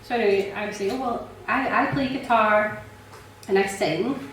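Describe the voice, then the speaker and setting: A woman sharing a personal testimony in church, chatty and animated, laughing often and filling pauses with ums. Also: medium pitch, a little hiss or hum. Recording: echoey church hall, mic from a distance.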